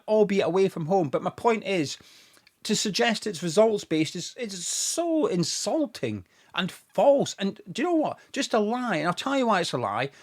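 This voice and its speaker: Sarcastic man ranting, lively pitch. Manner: sarcastic, mocking, animated rant with mock quotes. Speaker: football fan podcast host. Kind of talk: ranting fan commentary.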